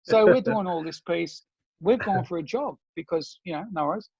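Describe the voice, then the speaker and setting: A man with an Australian accent, a former soldier, telling stories in a casual interview and jumping into higher mock-friendly voices when he quotes people. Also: moderate pace, muffled recording. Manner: animated storyteller, slips into high mock-friendly voices when quoting.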